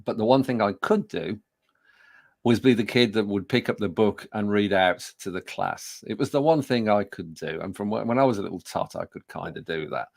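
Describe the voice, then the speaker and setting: A public speaking trainer in his 60s from Birmingham, England, gives a business talk to an audience, telling self-deprecating stories with frequent fillers and restarts. His voice is fairly low and creaky at a normal speed, recorded cleanly in a studio with no room sound.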